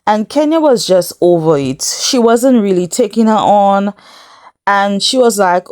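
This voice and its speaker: A woman's voice: medium pitch, lively intonation, measured pace, darkish tone, dry recording, clean studio sound. A woman giving a casual recap of a reality show, chatty and incredulous, laughing often as she tells it. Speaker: recap vlogger.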